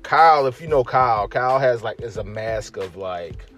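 A man, a podcast host, telling a story casually, slangy and animated, acting out his friends' lines. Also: mid-range voice, normal speed, faint music behind.

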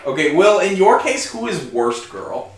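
A man's voice: high voice, big pitch swings, unhurried. A man co-hosting a casual podcast chat, teasing the others in a crude way. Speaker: podcast co-host. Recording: very echoey room.

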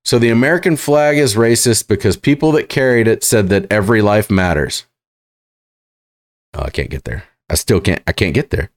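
A man hosting reaction commentary, sarcastic and halting, full of fillers and restarts. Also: fairly low pitch. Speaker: commentary host.

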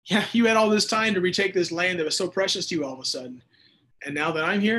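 A man's voice: high-pitched, fast talker, fairly bright tone. A man hosting a Bible teaching show, reading listener texts and talking casually, with bursts of emphatic preaching.

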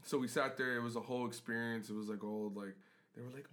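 A man co-hosting a podcast, telling a story in an animated way and swearing heavily. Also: mid-range voice, brisk. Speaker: podcast co-host. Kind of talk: casual chat.

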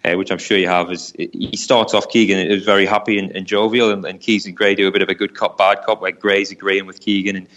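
Man, low voice, fast talker, football fan, casual podcast chat, repeats words. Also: flat delivery, a bit bright. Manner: rambling, repeats words while thinking. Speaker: football pundit, Newcastle fan.

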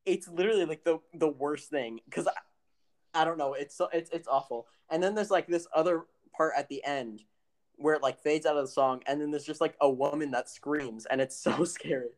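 A young man co-hosting a casual podcast, excitable and rambling, often giggling as he tells stories. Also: fairly high pitch, moderate pace. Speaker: podcast co-host. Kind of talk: casual joking podcast chat.

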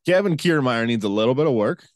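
A man co-hosting a sports podcast, talking in a casual, animated way with quick asides and frequent laughter. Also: medium pitch, no room sound, clean studio sound. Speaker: podcast co-host.

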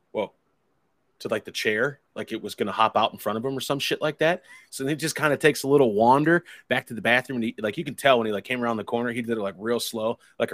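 A man's voice: fairly low pitch, fairly bright tone, no echo. A man telling a rambling, profane story in casual chat, acting out his friends' lines. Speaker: podcast host telling a story.

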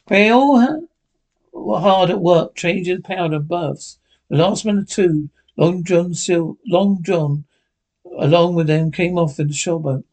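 A man's voice: fairly high pitch, a little mellow. Man reading an audiobook aloud. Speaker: audiobook reader. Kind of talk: audiobook narration.

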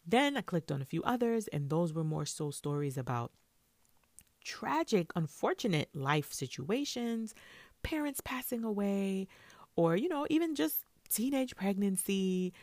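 Animated woman telling a story. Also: medium pitch, measured pace, dry recording. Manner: animated, acts out her own and others' lines. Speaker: vlogger. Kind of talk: casual storytelling.

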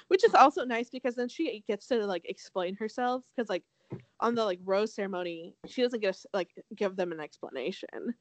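A young woman from Southern California co-hosts a podcast, recapping a show in quick, animated, casual chat and swearing freely. Her voice sits in the mid range, and there's no echo.

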